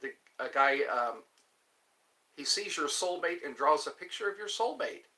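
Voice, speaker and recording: A man hosting a casual livestream, greeting viewers by name and answering their comments in an unhurried, friendly way. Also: a little high, lively intonation, bright, forceful tone, rough recording. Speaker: livestream host. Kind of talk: casual livestream chat, greeting viewers between flute playing.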